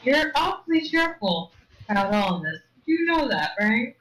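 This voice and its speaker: A woman playing in a tabletop role-playing game, lively and exasperated. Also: a little high, moderate pace, reverberant, poor audio. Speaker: player.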